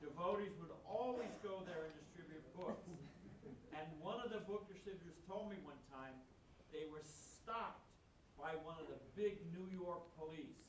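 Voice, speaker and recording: A man's voice: a little high, normal speed. A man in the audience eagerly telling a short anecdote. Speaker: audience member. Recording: roomy, distant mic with faint noise.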